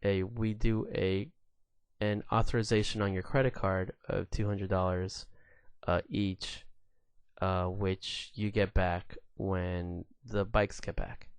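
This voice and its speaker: On his own podcast, a man in his thirties rants through casual solo stories in a low, unhurried voice that is clear and resonant but flat in delivery. He speaks loosely, swears freely and stops often on fillers. The sound is dry and close to the mic, with no echo.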